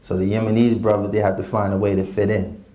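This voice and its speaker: Mellow, low-voiced New man. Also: little pitch movement, quick pace. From New York City. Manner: laid-back, reflective, many "you know" fillers. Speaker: guest, former rap artist. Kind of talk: reflective storytelling interview. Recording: roomy echo, faint ambience.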